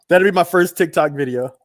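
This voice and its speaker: High, lively-voiced man who laughs easily. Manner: laughs easily, short backchannel replies. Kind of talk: casual chat.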